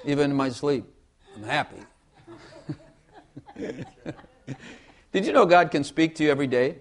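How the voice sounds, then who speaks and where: A man's voice: on the high side, animated, measured pace. A man preaching a sermon in a folksy way, repeating phrases and asking the congregation for amens.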